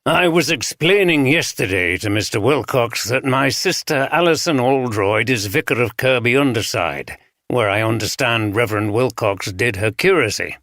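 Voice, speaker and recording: A man's voice: mid-range voice, lively intonation, normal speed, a bit bright, no echo, clean studio sound. A man voicing a plain-spoken male detective chief inspector with a northern English accent. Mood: businesslike.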